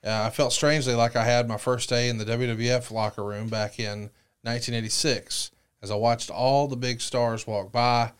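A man's voice: medium pitch, level tone, normal speed, clean tone. Male podcast host, mid-range voice, reads excerpts and steers the chat. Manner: prompting, reads quoted passages then asks follow-ups. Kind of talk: casual interview, reading book excerpts aloud.

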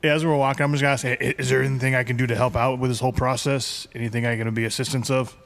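A man's voice: mid-range voice, flat delivery, very fast, creaky, fairly bright tone. An eager man speaking as a player in a tabletop game, stumbling over restarts. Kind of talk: casual tabletop game chat.

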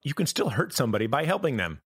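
A man talking as a podcast guest, reflective and halting, often restarting his sentences as he thinks aloud. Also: medium pitch, very animated, slightly rough, no room sound, studio quality. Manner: halting, thoughtful, many restarts. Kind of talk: reflective conversation.

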